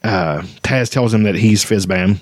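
A man reading a fantasy novel aloud in a relaxed way, stumbling now and then and breaking off for chatty asides. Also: fairly low pitch, a little slow, no echo, clean studio sound. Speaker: reader.

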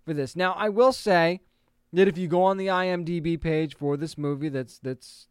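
Chatty man with a smooth dry voice. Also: a little high, no echo. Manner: chatty, opinionated, quick asides. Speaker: entertainment news host. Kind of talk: casual commentary.

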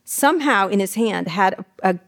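Blunt, fast-talking woman telling stories. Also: medium pitch, lively intonation, fairly bright tone. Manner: fast, irreverent, profane anecdotes with impressions. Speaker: host and memoir author being interviewed. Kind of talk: candid storytelling on stage. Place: live event stage.

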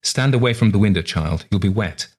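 A man's voice: lowish voice, fairly quick, a little mellow, slightly rough. A man voicing a strange, dreamy old woman in a tower who talks cryptically, half to herself, in an audiobook reading. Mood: cryptic.

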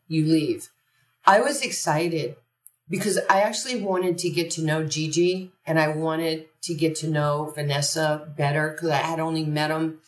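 A woman, a podcast guest, telling a story conversationally and animatedly, acting out quoted dialogue. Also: deep voice. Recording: roomy echo from a distant mic.

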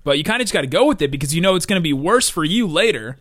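A chatty man co-hosting a sports podcast, talking in a fairly high voice. He rambles with lively energy and laughs easily, and the sound is dry and close. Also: rapid-fire, no room sound. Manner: rambling, animated, laughs often. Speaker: podcast co-host. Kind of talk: casual sports podcast chat.

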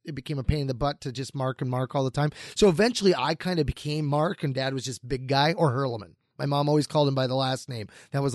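A middle-aged man co-hosting a casual podcast chat, an animated storyteller who gets enthusiastic and repeats words when excited. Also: fairly high pitch, no echo, clean studio sound. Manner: animated storyteller who acts out quoted voices. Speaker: podcast co-host.

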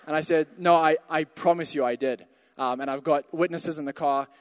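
A pastor telling a personal story in a sermon, rising to emphatic calls to the congregation. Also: male voice, on the high side, fairly even intonation, normal speed, long reverb tail. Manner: storytelling, builds to emphatic exhortations.

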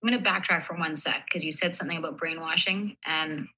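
A woman's voice: low-pitched, fairly even intonation, quick pace, sharp tone, rough recording. A woman guest in a casual conversation, explaining her view thoughtfully and at length.

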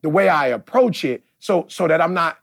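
Husky preacherly man on a podcast. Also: a little high, expressive, normal speed, dry recording, studio quality. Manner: preachy, emphatic, repeats "see?". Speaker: podcast host. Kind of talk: casual chat.

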